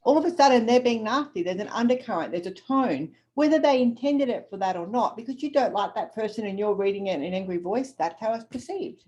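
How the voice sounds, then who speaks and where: A woman's voice: medium pitch, darkish tone, muffled recording. A middle-aged Australian woman co-hosting a podcast, chatting bluntly and swearing freely. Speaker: podcast co-host. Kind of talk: casual chat.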